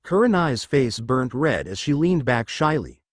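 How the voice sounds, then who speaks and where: A man narrating a fan fiction story in a steady storytelling manner. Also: medium pitch, a little slow, no echo, studio quality. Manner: steady storytelling with lively intonation.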